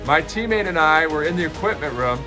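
A man in his forties hosting, telling stories in an upbeat, animated way. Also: fairly high pitch, brisk. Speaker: host and keynote speaker. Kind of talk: casual storytelling to camera. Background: music bed.

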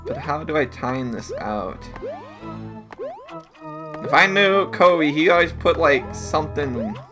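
A man giving live gameplay commentary, excitable and swearing heavily, often yelling in frustration. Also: on the high side, slow pace, over music. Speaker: let's play gamer.

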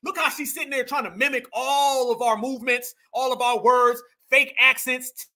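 A man's voice: very high-pitched, fairly even intonation, moderate pace, sharp tone. A man doing heated reaction commentary, mocking the clip he plays and repeating his phrases for emphasis. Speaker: online political commentator.

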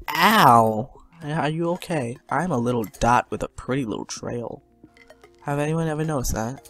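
A man's voice: medium pitch, a little mellow. Joking young man playing a game. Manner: joking, self-mocking, talks to viewers. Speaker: gaming commentator. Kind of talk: let's play commentary.

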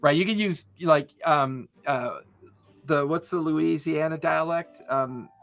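A man's voice: a little high, takes it slowly, gravelly, fairly bright tone. A man co-hosting a podcast, chatting casually and enthusiastically about tabletop role-playing in long rambling runs. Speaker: podcast co-host.

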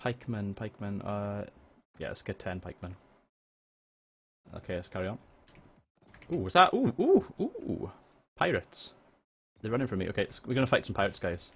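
A man with a Welsh accent chatting jokily and excitably while livestreaming a game, swearing now and then. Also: on the low side, fairly quick, vocal fry, long pauses. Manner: excitable, jokey, swears freely. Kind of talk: casual live gameplay chat. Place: home room.

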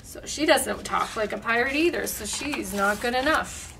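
A woman reads a picture book aloud with lively expression, pausing for small asides. Her voice sits a little high and comes from a distance, with faint room noise behind. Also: gravelly. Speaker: librarian reading aloud.

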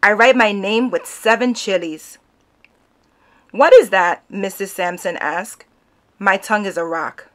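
A woman reading a children's picture book aloud, narrating in an expressive storytelling manner. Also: mid-range voice, unhurried.

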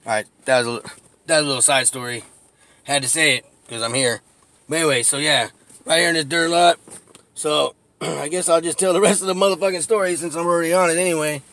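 A man's voice: on the high side, fast talker. A man recording a casual tour of his old neighborhood on a phone from a car, telling street stories with lots of swearing and laughter. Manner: profane, laughing, animated storytelling. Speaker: vlogger giving a neighborhood tour. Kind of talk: casual storytelling while driving. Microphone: phone camera.

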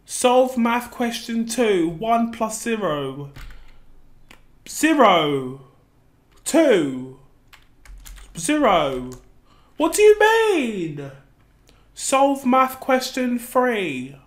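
A woman's voice: on the high side, exaggerated voice. A woman playing a frightened, clueless noob gamer in a comedic gameplay skit, gasping and exclaiming. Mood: confused. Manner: gasping, easily startled, exclaiming.

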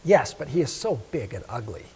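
A man voicing a spiteful duck who mutters low and mean. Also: very animated, a little fast, darkish tone, breathy edge, full character voice.

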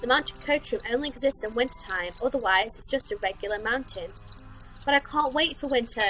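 A woman voicing a fussy, cryptic old male clockmaker who speaks slowly and deliberately. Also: on the high side, fairly bright tone, soft background music, lightly acted, poor audio.

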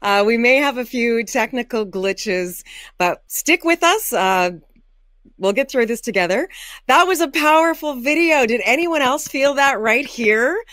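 A woman's voice: a little high, expressive, measured pace, no room sound, clean studio sound. A woman from Canada, a radio announcer, hosting a live virtual event with loose, filler-laden chatter. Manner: warm-up chatter with fillers and restarts.

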